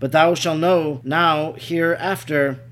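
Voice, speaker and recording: A man reading Jesus, calm and solemn. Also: fairly high pitch, slow pace. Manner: calm archaic scriptural speech.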